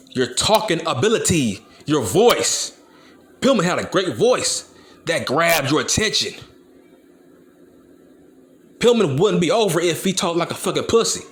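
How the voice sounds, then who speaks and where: Profane, animated ranting man. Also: a little high. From Compton, California. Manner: blunt, profane, emphatic. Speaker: channel host. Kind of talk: ranting commentary video.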